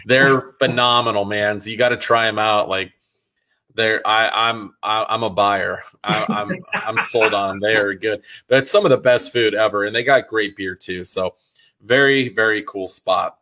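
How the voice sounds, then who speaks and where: A man hosting a podcast interview, chatting casually and enthusiastically at a quick clip. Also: lowish voice, sharp tone. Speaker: podcast host. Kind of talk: casual chat.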